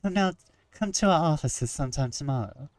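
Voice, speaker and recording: A man voicing a brisk, businesslike woman publisher with a French accent. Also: on the high side, animated, a little mellow, dry recording, close to an everyday voice.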